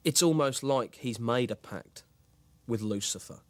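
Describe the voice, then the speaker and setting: A man's voice: mid-range voice, measured pace, no echo, natural voice. A man acting out a grandiose male horror writer, speaking with lofty self-importance and tripping into restarts. His voice sits mid-range and is recorded dry and close, with no room around it. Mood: self-important. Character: pompous self-serious male horror author. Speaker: writer and lead actor being interviewed. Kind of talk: mock documentary interview.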